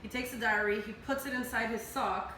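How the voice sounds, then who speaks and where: A tipsy woman in her twenties, hosting and retelling a story in a casual, animated, heavily profane way. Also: on the high side, a little fast. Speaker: host. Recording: echoey room with faint noise.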